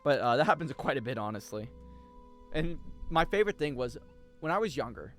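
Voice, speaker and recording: A man's voice: medium pitch, big pitch swings, fairly quick, a bit bright, faint music behind. A young man, chatting casually on a gaming stream, joking, swearing freely and rambling. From United States.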